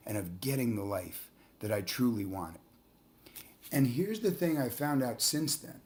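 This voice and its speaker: A middle-aged man, a coach, telling a motivational story with earnest, drawn-out emphasis on key words. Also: medium pitch, darkish tone. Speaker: transformational leader and coach.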